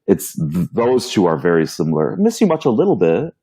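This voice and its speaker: A man co-hosting a podcast in casual chat, animated and quick to laugh. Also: low voice, husky. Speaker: podcast co-host.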